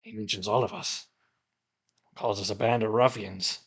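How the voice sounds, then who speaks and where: A man voicing a blunt, gruff male adventurer companion who stammers and trips over his words. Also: fairly low pitch, steady tone, normal speed. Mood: agitated. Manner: stammering, agitated speech.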